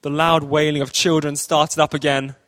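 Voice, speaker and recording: Playful male storyteller for a church kids' story, high animated voice, dry sound. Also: moderate pace, no room sound. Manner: playful, jokey asides. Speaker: children's story teller in church. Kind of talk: lively read-aloud storytelling.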